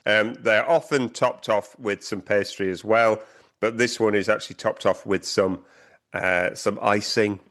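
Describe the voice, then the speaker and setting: A man's voice: lowish voice, steady tone, unhurried, fairly bright tone. A man co-hosting a casual podcast, chatty and laughing often. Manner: chatty, laughs often, talks while eating. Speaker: podcast co-host. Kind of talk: casual chat.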